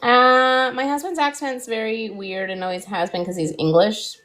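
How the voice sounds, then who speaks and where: A woman's voice: fairly high pitch, normal speed. A woman with a Canadian accent hosting a casual painting livestream, chatty and often laughing. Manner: chatty, laughing, animated teasing. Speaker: art livestream host. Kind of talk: casual painting tutorial chat.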